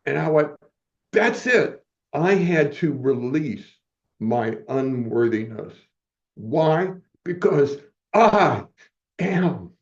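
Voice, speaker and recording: A man as a guest giving an earnest, halting personal testimony, often moved as he speaks. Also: mid-range voice, darkish tone, highs cut off.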